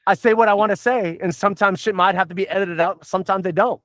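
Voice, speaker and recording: A middle-aged man from the Southern United States hosting a casual podcast, rambling and swearing excitably. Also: sits high, fast, dry recording, clean studio sound. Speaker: podcast host.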